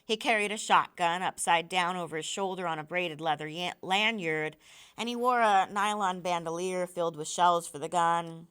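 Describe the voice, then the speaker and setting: A woman teacher reading a novel aloud in a measured, even narration. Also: lowish voice, clean tone.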